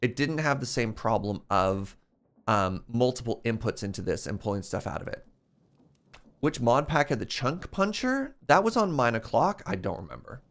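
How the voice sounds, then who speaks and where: A young adult man chatting loosely as he plays, thinking out loud and musing over what to build next. His pitch sits in the middle but swings up and down a lot. He wanders from one idea to the next in casual stream commentary. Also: sing-song, normal speed. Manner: thinking aloud, rambling and musing. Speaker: streamer playing a modded block game.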